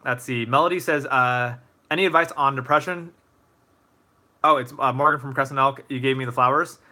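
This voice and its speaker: A young man hosts a casual livestream Q&A and answers viewers' questions. His voice is bright and forward at an ordinary pitch. He talks in a relaxed, thinking-aloud way, with plenty of ums and restarts. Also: a little fast. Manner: relaxed and thoughtful, many fillers and restarts. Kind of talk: casual live Q&A.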